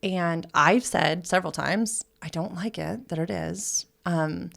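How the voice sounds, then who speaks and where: A woman's voice: on the low side, unhurried, vocal fry. A woman hosting a casual podcast as a sexuality educator, telling a funny story with lots of laughter. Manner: storytelling, laughing often, animated.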